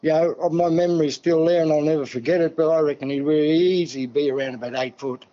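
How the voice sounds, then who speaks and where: A man's voice: fairly high pitch, fairly even intonation, fast talker, mellow, lo-fi sound. Older Australian man, rambling storyteller. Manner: rambling, folksy, peppers talk with "see" and "mate". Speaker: guest. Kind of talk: casual storytelling.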